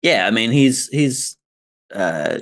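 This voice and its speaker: A man's voice: medium pitch, sing-song, slow. A man playing in a tabletop role-playing game, speaking tentatively as he describes his character. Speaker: player. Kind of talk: casual chat.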